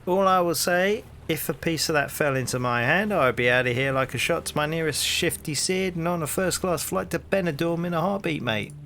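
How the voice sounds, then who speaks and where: A man voicing a gruff, lazy male London street copper in a point-and-click game, talking in brash Cockney rhyming slang. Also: a little high, a little fast, hardly any pauses, a bit bright, slight background noise, pitched above the performer's own voice. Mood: boastful.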